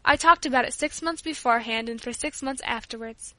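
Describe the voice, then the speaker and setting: Woman audiobook reader, high bright voice, clear even narration, dry close sound. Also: a little fast, no echo. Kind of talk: scripted narration.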